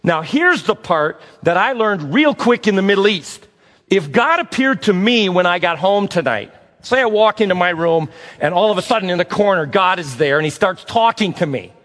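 A man preaching a sermon to a live audience, telling stories and acting out the dialogue with lively energy. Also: high-pitched, moderate pace, in a large hall. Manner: animated, acts out dialogue, talks to the audience. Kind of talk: sermon with storytelling.

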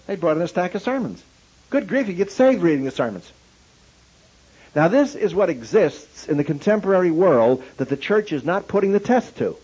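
A man preaching, telling a story animatedly and acting out the dialogue in a husky voice. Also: on the high side, very animated, a little fast, darkish tone. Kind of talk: sermon storytelling. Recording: dull lo-fi recording.

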